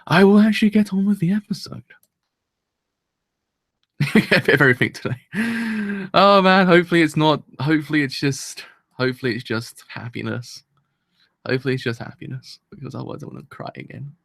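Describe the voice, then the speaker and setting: A man's voice: fairly high pitch, brisk, vocal fry, long pauses, fairly bright tone, dry recording, studio quality. A man hosting a live anime reaction, talking in a rambling, chatty and self-deprecating way and laughing often.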